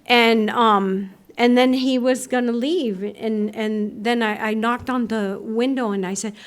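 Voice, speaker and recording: A woman speaking at a recovery meeting, telling her story in a lively way, acting out voices and laughing often. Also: a little high, unhurried. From United States. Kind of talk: personal recovery talk. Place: meeting room.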